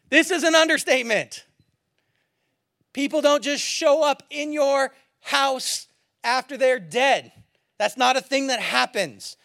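A pastor giving a sermon as an animated, colloquial storyteller who laughs often. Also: sits high, measured pace, gravelly.

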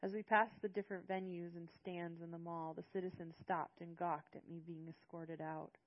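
Woman, audiobook narration, first person, hushed, sorrowful, low voice, dull lo-fi audio. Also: flat delivery, moderate pace.

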